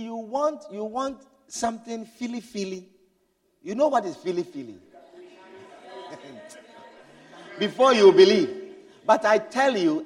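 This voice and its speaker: High-voiced preacher in an echoing hall. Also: male voice. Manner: swings between loud urgent exhortation and low hushed storytelling. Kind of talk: sermon.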